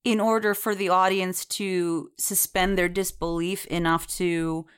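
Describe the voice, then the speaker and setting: A woman's voice: on the low side, little pitch movement, unhurried, clear, resonant tone. A woman co-hosting a podcast in casual chat, chatty and digressive, with many fillers and frequent laughter. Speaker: podcast co-host reviewing a TV series.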